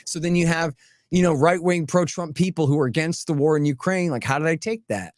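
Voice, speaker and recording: A blunt, emphatic man talking as a podcast guest, his voice pitched a bit higher than most men's. He argues with rising force and rattles off lists in quick bursts. The sound is close and dry, with no room around it. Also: dry recording. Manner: emphatic, blunt and animated, piling up rapid lists; mocking tone when voicing opponents. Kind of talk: casual podcast conversation.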